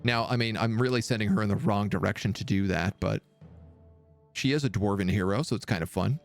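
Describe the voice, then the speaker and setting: A man's voice: on the low side, a little fast, creaky. A man streaming a strategy game, musing aloud as he weighs options. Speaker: live streamer. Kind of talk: gameplay commentary. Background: game music.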